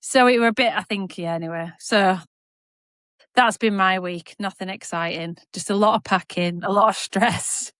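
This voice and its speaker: A woman's voice: mid-range voice, normal speed, a bit bright, no room sound, clean studio sound. A woman, co-hosting a podcast in a chatty, rambling, self-mocking way and laughing easily. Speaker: podcast co-host. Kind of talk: casual chat.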